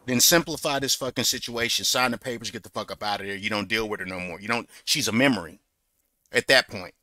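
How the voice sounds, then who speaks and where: A man's voice: lowish voice, fast talker, pushed and bright, dry recording, clean studio sound. A man giving blunt, mocking, profane commentary on bodycam footage, closing points with a catchphrase.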